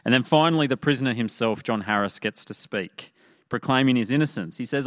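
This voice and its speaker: A man preaching a sermon in a conversational way, often pausing with "uh". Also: medium pitch, no echo, clean studio sound. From Australia. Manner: conversational, with frequent "uh" fillers. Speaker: pastor.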